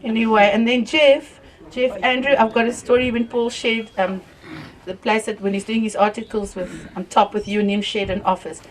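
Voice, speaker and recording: An older South African woman speaking at a wake, spinning lively stories with a fairly high voice. She is picked up from some distance away from the mic. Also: moderate pace, slight background noise. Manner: lively storyteller, laughs through tales, softens when thanking people. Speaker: family member speaking at a wake. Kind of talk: anecdotal eulogy storytelling. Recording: voice from far off the mic.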